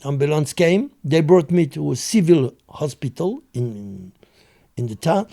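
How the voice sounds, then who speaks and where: Older guest, gravelly and highly expressive, tells his story with gusto. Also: a little slow. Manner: acts out quoted voices, laughing often. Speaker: interview guest. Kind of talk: animated storytelling.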